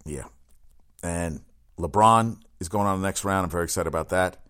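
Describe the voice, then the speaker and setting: A man hosting a solo sports podcast, talking in a rambling, excitable way with crude asides and frequent self-corrections. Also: low voice, moderate pace, smooth.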